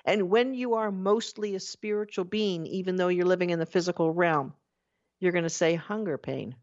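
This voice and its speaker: A woman giving a spiritual talk, acting out everyday inner voices and slowing down to stress key words. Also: fairly low pitch, steady tone, a little mellow. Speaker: spiritual teacher. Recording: dull lo-fi recording.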